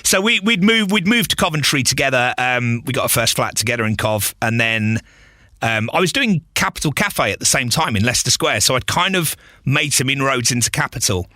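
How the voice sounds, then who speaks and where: Bright-voiced man telling stories. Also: medium pitch, fairly quick, dry recording, clean studio sound. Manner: animated, laughs often, acts out quotes. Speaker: radio presenter, podcast guest. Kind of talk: casual interview storytelling.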